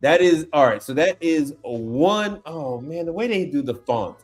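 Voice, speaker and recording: Guy on a livestream, chatty and slangy, keeps going "wait wait wait", a bit of music playing low behind him. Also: normal speed. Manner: animated, exclaims and repeats himself, slangy. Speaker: appliance repair tech livestream host. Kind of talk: casual livestream chat while browsing online.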